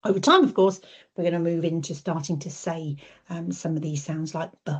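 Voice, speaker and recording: A British woman who works as a speech and language therapist presents a webinar, explaining things step by step with plenty of ums and modelling sounds in a sing-song way. Her voice is fairly low, animated, fairly quick and a little breathy. The audio comes through a video call and sounds dull and lo-fi.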